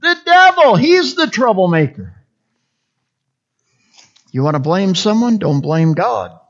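A preacher delivering a sermon, repeating scripture phrase by phrase and swinging from hushed whispers to loud cries. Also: mid-range voice, very animated, slow pace, highs cut off. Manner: dramatic swings between whispers and shouts.

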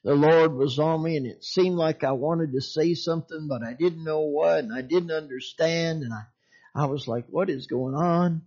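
A man's voice: on the high side, normal speed, a little mellow. Chuckling preacher man, muffled recording. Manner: storytelling, chuckling often, folksy. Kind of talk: sermon testimony.

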